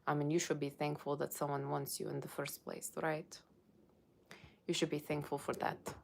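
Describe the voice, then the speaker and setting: A woman's voice: low-pitched, little pitch movement, normal speed, creaky, slight background noise. Woman doing a sassy Russian-accented fortune-teller. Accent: put-on Russian. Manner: teasing, blunt asides to viewers. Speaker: tarot reader. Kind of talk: Halloween tarot reading in character.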